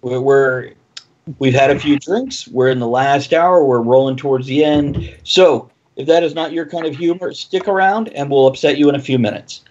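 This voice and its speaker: A man hosting a casual livestream chat, jokey and quick, laughing often. His recording is dull and lo-fi. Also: mid-range voice, darkish tone, a little hiss or hum. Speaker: host.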